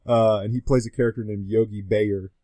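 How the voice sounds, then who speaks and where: A man's voice: fairly low pitch, fairly even intonation, a little fast, mellow, no room sound. A man guesting on a podcast, chatting casually and rambling with lots of fillers and restarts. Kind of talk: casual chat.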